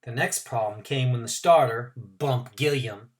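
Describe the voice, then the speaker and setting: A man's voice: mid-range voice, a little slow. A man teacher reading a novel aloud to his class, adding asides and explanations for his students.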